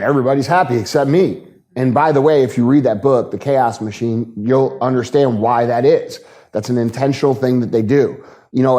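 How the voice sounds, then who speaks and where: Man, 40s, podcast guest, motivational, blunt, repetitive, dark tone. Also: mid-range voice. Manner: blunt and repetitive, hammering points home.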